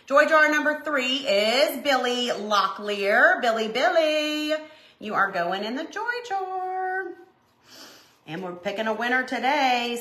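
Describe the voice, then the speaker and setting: A woman's voice: fairly high pitch, lively intonation, takes it slowly, bright, forceful tone. A woman hosting a live crafting stream, chatting casually with viewers in a rambling way with lots of asides. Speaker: craft livestream host. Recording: echoey room.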